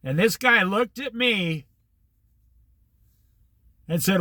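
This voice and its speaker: A man's voice: high voice, measured pace, pauses often, bright, forceful tone, no echo. An older man telling a long, rambling personal anecdote in a casual storytelling monologue, acting out the back-and-forth of old conversations. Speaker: host.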